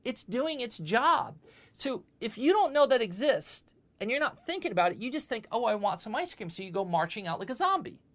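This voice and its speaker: Animated woman teaching spirituality. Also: on the high side, normal speed. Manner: animated, repeats words, often asks "okay?". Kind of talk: spiritual lecture with questions.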